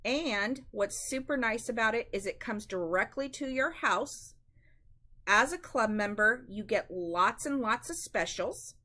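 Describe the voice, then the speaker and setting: A woman's voice: a little high, expressive, unhurried, pushed and bright. A woman hosting a live-stream craft demonstration, chatty and instructive, often calling her viewers "guys.".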